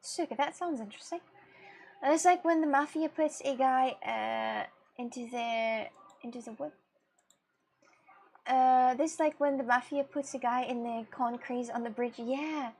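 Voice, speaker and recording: A woman's voice: high voice, a little slow, creaky, darkish tone, husky. A young woman chatting casually with her viewers while drawing on a livestream, laughing often and reacting to chat. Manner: giggly, chatty, talks to viewers. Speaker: streamer.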